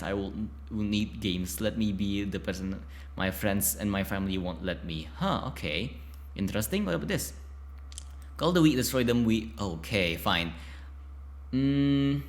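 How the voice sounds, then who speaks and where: Lively, bright-voiced male game streamer. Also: medium pitch, a little slow. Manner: excitable, chatty, many filler likes and restarts; reads game text aloud between reactions. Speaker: let's play host reading a text game aloud. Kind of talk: casual game playthrough with read-aloud text.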